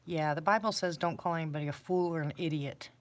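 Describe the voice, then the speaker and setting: A woman's voice: sits low, quick pace. A woman hosting a casual livestream, chatting with viewers in a rambling, self-deprecating way while sitting on the floor indoors. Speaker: livestream host.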